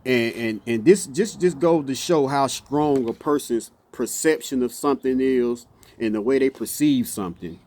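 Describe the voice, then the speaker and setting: A man's voice: mid-range voice, normal speed, a little mellow. A man speaking in a casual, impassioned off-the-cuff monologue, repeating himself and stumbling into restarts. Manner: passionate, repeats "you see what I'm saying", stumbles and restarts. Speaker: motivational speaker.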